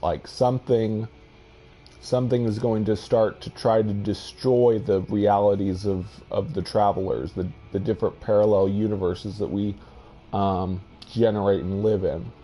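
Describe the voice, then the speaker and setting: Musing low-voiced male gameplay narrator. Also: level tone, measured pace, mellow, faint music behind. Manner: musing, hesitant, with fillers and restarts. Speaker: game video host. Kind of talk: casual gameplay commentary.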